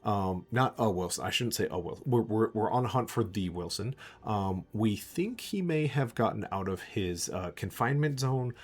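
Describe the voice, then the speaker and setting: A man's voice: on the low side, expressive, normal speed, few pauses, slightly rough. A man voicing a worried male agent who talks in a hesitant, stammering way.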